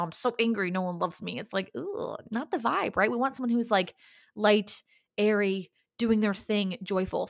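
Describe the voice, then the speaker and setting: A woman's voice: mid-range voice, dry recording, clean studio sound. Candid, cursing woman podcast host. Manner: candid, swears freely, acts out her own inner voice. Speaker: podcast host and business coach. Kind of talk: casual solo podcast monologue.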